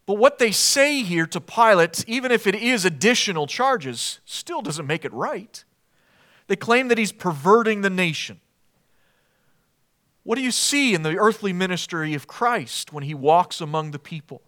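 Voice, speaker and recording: A man's voice: high voice, animated, moderate pace, a bit bright. A man preaching an expository sermon in an earnest, emphatic way, posing rhetorical questions to his listeners.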